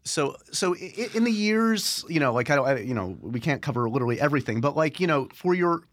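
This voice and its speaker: A man hosting a casual podcast interview, chatty, with quick interjections and joking asides. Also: on the high side, lively intonation, dry recording, clean studio sound. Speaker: podcast host.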